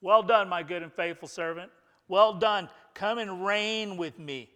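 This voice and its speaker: A man's voice: high-pitched, unhurried, clear, resonant tone, big-room sound, pitched above the performer's own voice. A preacher voicing a tender heavenly father. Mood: proclaiming. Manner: swells to loud proclaiming, then drops to hushed.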